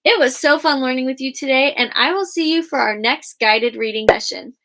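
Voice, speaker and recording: A kindergarten teacher leads young children through a guided reading and writing lesson, using a slow, sing-song voice that sits high with a fairly bright tone. She spells words out letter by letter.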